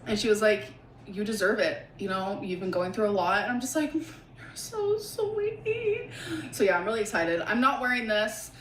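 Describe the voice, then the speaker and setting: Excited woman vlogging, gushy, echoey room w faint hiss. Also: mid-range voice, a little fast. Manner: gushing, excitable, full of fillers. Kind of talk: casual vlog talk to camera.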